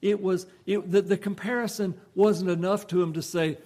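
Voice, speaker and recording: Man, preacher, folksy conversational sermon, slightly high voice. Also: steady tone, moderate pace, few pauses, dark tone.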